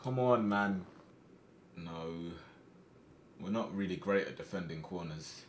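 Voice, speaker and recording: A young man live-streaming a football manager game, reacting loudly to matches and chatting with his viewers. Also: low voice, slow, pauses often, echoey room. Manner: excitable, shouts at players during matches, calmer while managing.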